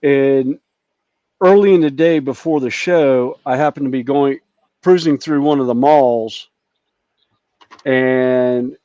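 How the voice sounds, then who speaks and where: A man's voice: medium pitch, warm tone, dry recording. A man rambling through a casual anecdote on a group video call, with lots of fillers and restarts. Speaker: hobby group member. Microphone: video call microphone. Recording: dull, dry video-call audio.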